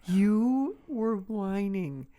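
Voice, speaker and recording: A woman's voice: mid-range voice, expressive, drawn-out words, a crowd in the background. A woman co-hosting a casual podcast, playfully teasing her fiancé and laughing often. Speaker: podcast co-host. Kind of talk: casual couple banter.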